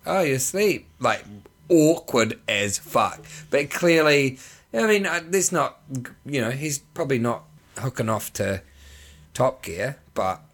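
A man's voice: medium pitch, big pitch swings, slow pace, a bit bright. A man, co-hosting a podcast in casual, laughing chat full of "you know". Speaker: podcast co-host.

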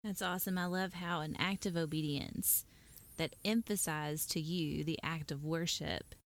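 A woman with a fairly low voice hosts a relaxed podcast conversation. She asks questions and often murmurs agreement as she listens. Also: moderate pace. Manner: affirming, frequent agreeing murmurs. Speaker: podcast host. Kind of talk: casual conversational interview.

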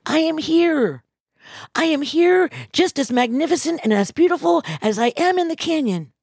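A woman's voice: high voice, darkish tone, no room sound, clean studio sound, pitched above the performer's own voice. A woman voicing Mother Earth, a fierce and loving female earth spirit who scolds and insists.

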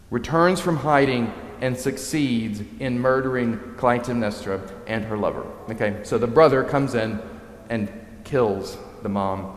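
A man preaching a sermon, telling a story in a lively way and acting out the characters' lines. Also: mid-range voice. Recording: echoey hall.

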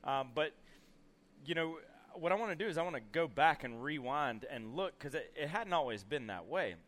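A man's voice: a little high, normal speed. A young man giving a storytelling sermon to a youth camp, acting out scenes with lots of casual fillers. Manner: animated storyteller acting out scenes, many "you know" fillers. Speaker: camp speaker.

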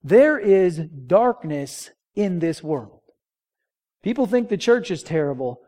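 A man's voice: sits high, big pitch swings, takes it slowly, dark tone. A man preaching a sermon, conversational, asking the congregation rhetorical questions and drawing call-and-response. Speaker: pastor.

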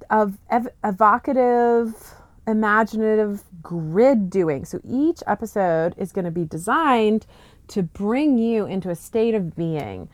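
A woman's voice: medium pitch, dry recording. Giggly, playful woman podcast host. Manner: giggly, playful, swears casually. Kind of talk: casual chat.

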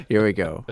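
A man's voice: on the high side, a little hiss or hum. A man co-hosting a casual comedy chat, talking in a chatty, thoughtful way. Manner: chatty, thoughtful, trails off with fillers. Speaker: co-host.

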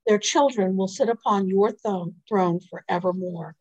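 Woman reading scripture at a measured pace. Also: medium pitch, a little mellow, muffled recording. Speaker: scripture reader. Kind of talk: liturgical responsive reading.

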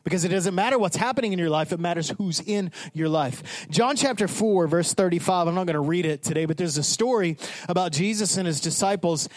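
A man preaching a sermon as pastor, animated, acting out the people in his story. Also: high voice, a little fast, no echo. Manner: animated, acts out voices of disciples.

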